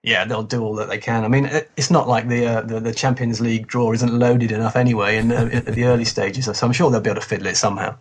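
A man's voice: mid-range voice, steady tone, fast, few pauses, slightly rough. A man guesting on a podcast, chatting casually about football, hedging and restarting his thoughts.

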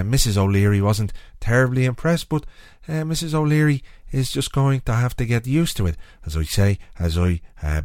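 A man's voice: low voice, darkish tone, no echo, studio quality. A man putting on a pompous football boss. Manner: slow, repeats a stock phrase, self-important. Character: pompous middle-aged male football manager hosting self-help.

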